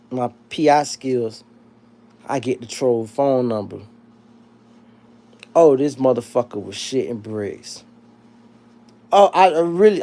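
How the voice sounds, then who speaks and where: Profane, animated man. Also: on the high side. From South Florida. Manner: profane, animated, rambling with restarts. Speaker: livestream host. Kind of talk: casual livestream chat reading comments.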